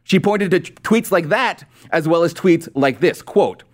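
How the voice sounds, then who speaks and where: Male host, high and lively pitch, snarky political commentary. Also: unhurried. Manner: sarcastic, mocking. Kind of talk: political commentary with a sponsor read.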